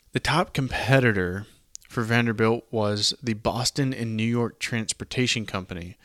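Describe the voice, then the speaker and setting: Bright, clear-voiced Southern man. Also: mid-range voice, no room sound, studio quality. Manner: conversational, explains with asides. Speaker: podcast host. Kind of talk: casual history podcast narration.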